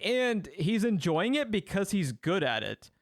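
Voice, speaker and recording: A man's voice: sits high, big pitch swings, a little slow, no room sound, studio quality. A man co-hosting a film review podcast, rambling in casual chat, laughing often and swearing freely. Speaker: podcast co-host.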